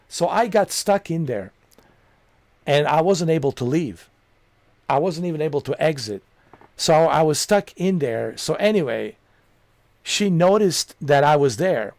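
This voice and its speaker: A man who streams games tells a rambling story in an easy, chatty way, dropping "dude" and "you know" everywhere. His voice sits a little high for a man. The sound is dry and close, with no room around it. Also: gravelly, darkish tone, no room sound. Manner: amused, laughs at his own story. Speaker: gaming streamer.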